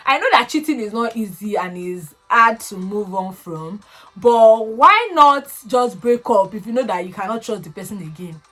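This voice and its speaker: A young woman chatting casually, recapping a reality show with animated, expressive swings into high excited tones. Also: moderate pace.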